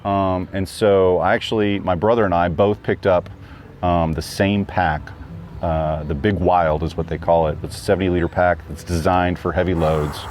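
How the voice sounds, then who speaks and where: Deep-voiced guy rambling thru a casual chat, lots of ums, a little background hiss. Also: fairly even intonation, moderate pace, darkish tone. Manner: rambling, many fillers and restarts. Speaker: guest hiker.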